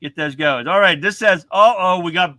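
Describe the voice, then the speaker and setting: A man's voice: sits high, normal speed, pushed and bright, dry recording. A man hosting a livestream, giving casual commentary in a rambling, chatty way. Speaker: livestream host.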